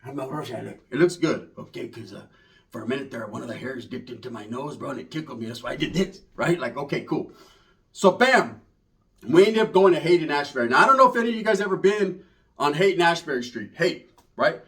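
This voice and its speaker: A man's voice: a little high, lively intonation, fairly quick, fairly bright tone. A man telling a rambling, profane street story in casual slang, full of asides. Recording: voice from far off the mic.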